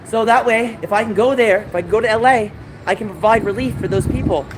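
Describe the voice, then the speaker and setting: With background noise behind him, a San Francisco gaming livestreamer speaks fast in a high voice. He casually reads live chat and chats with viewers, venting in a rambling, aggrieved manner.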